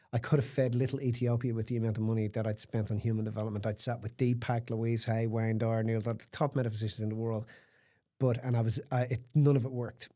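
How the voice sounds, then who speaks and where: Mellow-voiced man telling his story. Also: on the low side. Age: middle-aged. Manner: emphatic and raw, with blunt swearing. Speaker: podcast guest. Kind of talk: candid personal storytelling.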